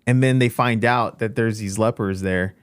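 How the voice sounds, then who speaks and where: Male host, low register, animated personal storyteller; dry, close recording. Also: normal speed, smooth, no echo. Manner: animated storyteller, acts out his own lines. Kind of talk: casual storytelling.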